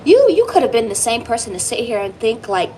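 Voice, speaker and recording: A woman giving a tarot reading, talking directly to her viewer with emphatic, reassuring energy and the odd curse word. Her voice sits a little high and swings widely in pitch. A faint hiss of noise sits under the recording. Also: a little fast, low-quality recording. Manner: lively, emphatic, swearing, speaks directly to the viewer. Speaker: tarot reader.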